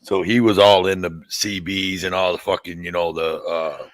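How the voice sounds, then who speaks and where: A man's voice: sits low, fairly even intonation, moderate pace, dry recording, low-quality recording. A man hosting a podcast, telling stories in a rambling, profane, casual way. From Tennessee. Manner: rambling, profane, laughs at his own stories. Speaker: podcast host. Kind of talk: casual storytelling chat.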